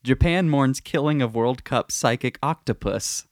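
A man's voice: medium pitch, a little slow, no room sound. A man co-hosting a podcast, trading dry jokes and reading headlines aloud in casual chat. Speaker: podcast co-host.

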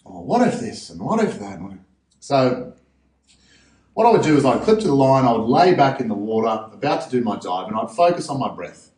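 An Australian man telling stories as a guest in a casual interview, animated and acting out other people's voices. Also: mid-range voice, fairly quick. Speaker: podcast guest, freediver. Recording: roomy echo, distant from mic.

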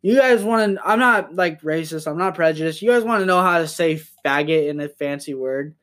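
A young man hosting a casual podcast from home, rambling and swearing as he talks in quick bursts. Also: a little high, expressive, fairly bright tone. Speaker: podcast host.

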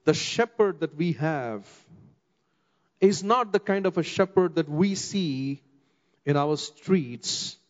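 A middle-aged man with an Indian English accent, preaching a sermon as a pastor and slowing down for emphasis. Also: a little high. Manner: expressive, slows down for emphasis, acts out quoted voices. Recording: long hall reverb, dull muffled sound.

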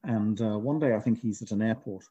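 A middle-aged author talking in a relaxed interview, thoughtful and rambling with frequent restarts. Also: male voice, on the low side, a little fast, dull audio, slight background noise. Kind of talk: casual interview chat.

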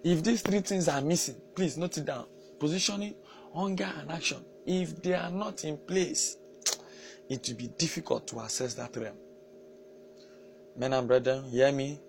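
A man's voice: a little high, vocal fry, slight background noise. A male pastor and counselor preaching a sermon emphatically, repeating key phrases and using fillers as he goes.

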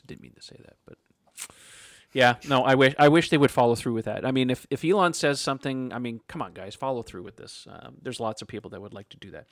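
A man's voice: medium pitch, dry recording, studio quality. A man hosting a casual podcast, reading listener questions aloud and answering them in a chatty way. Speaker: podcast host.

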